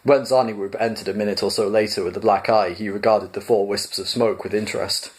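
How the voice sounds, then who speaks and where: Male host, casual reading voice, lowish pitch, rambling chatter. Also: fairly even intonation, fairly quick. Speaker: storyteller, channel host. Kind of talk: casual book reading and chat.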